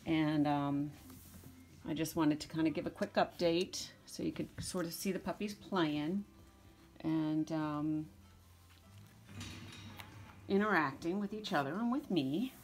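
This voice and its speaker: A woman's voice: low voice, a little slow, pauses often. A middle-aged woman breeder chatting casually in a vlog, rambling and cooing at her puppies. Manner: chatty, rambling, coos at puppies in baby talk. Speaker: dog breeder. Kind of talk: casual vlog narration to camera.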